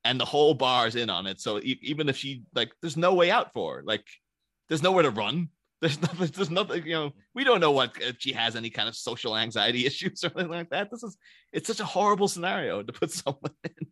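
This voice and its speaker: Jokey man with a bright, dry voice. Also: on the high side, very animated, fast talker, dry recording. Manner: jokey, laughing, does goofy voices. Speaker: podcast co-host. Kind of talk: casual film chat.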